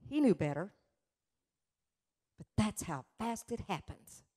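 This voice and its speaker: A woman telling a story in a church sermon, slow and earnest, swelling with emotion at times. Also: medium pitch, big pitch swings, dark tone, husky. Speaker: church speaker. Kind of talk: testimony sermon.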